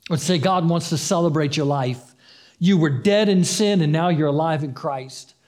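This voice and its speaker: A pastor delivering a sermon in a conversational way, acting out the story's dialogue and repeating phrases for emphasis. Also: male voice, a little high, normal speed, darkish tone.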